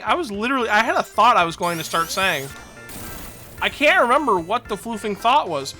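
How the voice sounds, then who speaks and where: During a casual gaming stream with music playing behind, a woman rambles, makes fun of herself, and laughs frequently. Her voice is mid-range, sing-song, pushed and bright, at normal speed.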